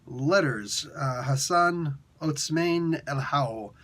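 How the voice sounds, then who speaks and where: A man's voice: a little high, slow pace, a bit bright. A man casually reviewing a comic book in a laid-back, slangy, rambling way.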